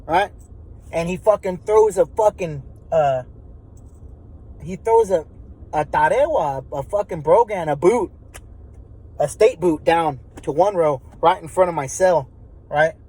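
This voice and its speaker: A man tells a story in loose, everyday talk, swearing freely and circling back on his words. His voice sits fairly high for a man. He rambles, restarts and keeps checking in with the listener. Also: measured pace, long pauses, dark tone, breathy edge, poor audio. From Texas. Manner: profane, rambling, many restarts. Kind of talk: casual spoken storytelling.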